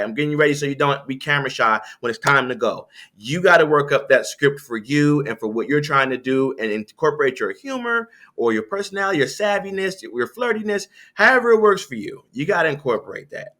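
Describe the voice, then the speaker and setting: A man being interviewed as a sales coach, talking in a conversational coaching way, animated, with frequent restarts. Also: fairly quick, few pauses. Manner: animated, lively pitch swings, frequent restarts. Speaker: guest, sales coach and author.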